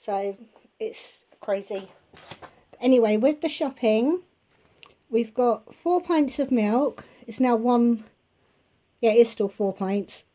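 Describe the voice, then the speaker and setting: A woman with a slightly high but mellow, warm voice talks through a grocery haul in her home kitchen. She chats casually and keeps wandering into asides. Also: takes it slowly, pauses often. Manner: rambling, with chatty asides. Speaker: vlogger showing a grocery haul. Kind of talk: casual chatty haul video.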